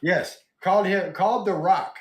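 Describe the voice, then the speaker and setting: A man hosting a wrestling podcast, recapping matches in relaxed, casual chat with quoted lines and asides. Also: high-pitched, moderate pace, slight background noise. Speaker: podcast host.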